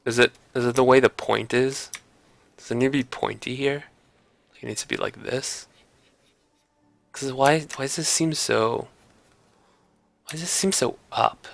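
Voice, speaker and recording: A man talks through drawing critiques on a relaxed livestream, joking and putting on mock outrage. His voice is bright and forceful with a gravelly fry, and he takes his time. Soft music plays faintly underneath. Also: medium pitch, a little slow, long pauses. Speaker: art streamer giving drawing critiques. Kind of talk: casual livestream chat while drawing.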